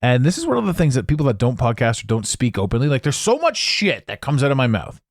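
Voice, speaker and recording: A man hosting a solo podcast, rambling in a jokey, animated way into a close microphone. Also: mid-range voice, fast, no room sound. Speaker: podcast host. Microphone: close studio mic.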